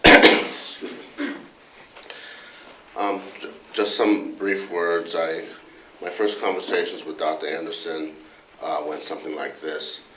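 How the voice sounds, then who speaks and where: A middle-aged man, a doctor, giving a halting memorial speech in a large hall, with fillers and restarts. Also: deep voice, little pitch movement, background noise. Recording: echoey hall from far off.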